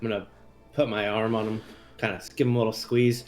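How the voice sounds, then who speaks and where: A man's voice: fairly low pitch, flat delivery, quick pace, a little mellow, soft background music. A man playing a tabletop game who presses another character with wry, pushy questions. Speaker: player.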